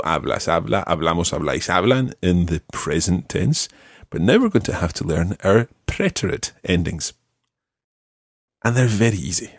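A man with a low-pitched voice teaches Spanish one to one, patiently repeating each word for his student. The recording is clean studio sound with no echo.

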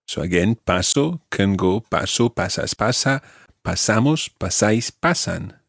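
A man's voice: lowish voice, expressive, creaky, fairly bright tone, slightly rough, no echo, studio quality. A man teaching Spanish, patiently modelling verb forms and stress for a learner to repeat. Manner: patient, models pronunciation slowly. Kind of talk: language lesson drills.

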